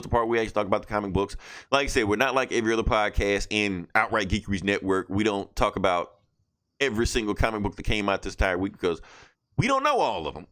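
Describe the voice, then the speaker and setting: A man's voice: fairly low pitch, fairly bright tone. A man hosting a podcast, recapping comic books in a loose, profane, casual way. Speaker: podcast host.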